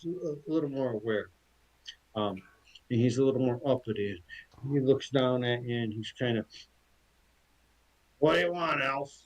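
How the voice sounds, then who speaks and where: Casting: a male game master with a husky voice, loose and joking as he narrates. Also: medium pitch, normal speed, darkish tone, poor audio. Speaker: dungeon master.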